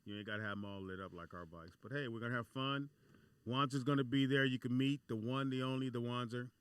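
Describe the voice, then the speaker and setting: A man about sixty hosting a casual talk radio show, giving loose shout-outs and taking calls. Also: medium pitch, quick pace, clean tone, dry recording. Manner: loose, laid-back, full of shout-outs.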